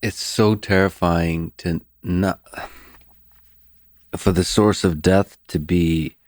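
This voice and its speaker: Deep-voiced man asking slow questions. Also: fairly even intonation, dry recording, studio quality. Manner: slow, probing questions with hesitant fillers. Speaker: podcast host. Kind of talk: interview conversation.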